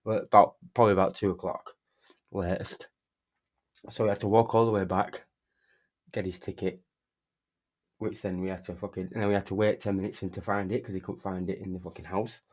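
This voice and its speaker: A young man tells a long anecdote in a slightly low voice. He rambles, restarts his sentences and swears constantly, in a casual streaming chat. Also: level tone, fairly quick, long pauses. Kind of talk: casual storytelling while gaming.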